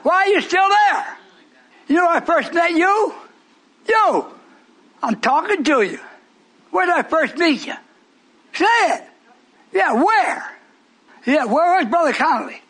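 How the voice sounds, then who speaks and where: A man's voice: very high-pitched, very animated, measured pace, long pauses, a bit bright. A man preaching a sermon to a live congregation, teasing and questioning them in call-and-response. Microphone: broadcast on shortwave radio.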